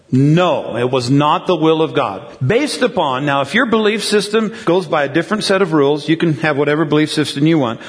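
A man's voice: mid-range voice, breathy edge, long reverb tail. A man preaching a sermon in a conversational way, often checking in with the congregation through questions. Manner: conversational, asks the crowd questions. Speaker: pastor.

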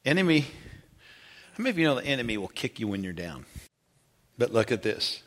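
A man preaching a sermon, retelling scripture with animated storytelling and questions to the congregation. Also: medium pitch, moderate pace. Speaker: pastor.

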